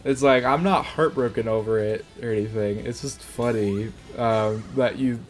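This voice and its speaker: A man's voice: medium pitch, moderate pace, soft background music. A young man telling a casual personal story, rambling, laughing often and stumbling over his words. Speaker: vlogger.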